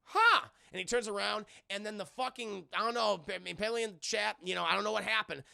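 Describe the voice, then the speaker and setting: A man recapping a film to a live chat in a rambling, profane, animated way, with a gravelly voice. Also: sits high, fast, no echo, studio quality. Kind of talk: casual spoken film recap.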